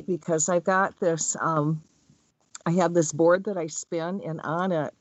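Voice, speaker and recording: A woman's voice: fairly low pitch, expressive, moderate pace, slightly rough, no room sound. Chatty woman giving a rambling spiritual talk. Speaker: spiritual energy healer. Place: Hawaii. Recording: dull, dry recording.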